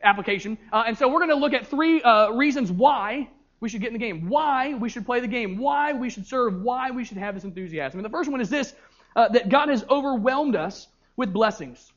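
A young male youth pastor preaching a sermon, his voice sitting high for a man. He tells stories with animated energy and often stumbles over repeated words. The recording is dull and lo-fi. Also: a little fast.

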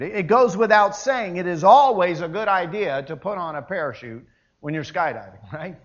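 Male pastor, sermon, high voice, emphatic, playful asides, dull lo-fi sound. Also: animated, a little fast, a bit bright.

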